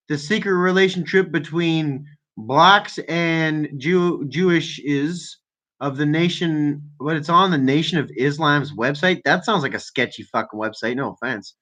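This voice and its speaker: A young man from Canada talks over the phone as a call-in host. His voice is bright and forceful, and it sits a bit high. He jeers and swears freely. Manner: brash, mocking, swears a lot. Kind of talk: profane casual chat. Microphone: telephone.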